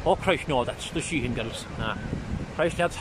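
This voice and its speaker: An actor playing a blunt, grumbling older man at the beach, gruff and teasing. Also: mid-range voice, moderate pace, natural voice. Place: outdoors at a windy beach. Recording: wind and waves noise. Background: wind and surf.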